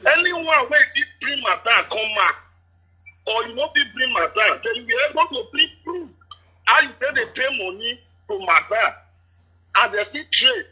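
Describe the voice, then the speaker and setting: A man caller speaking Nigerian Pidgin, explaining things at length in a steady, detailed way. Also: very high voice, normal speed, husky, low-quality recording. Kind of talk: casual chat.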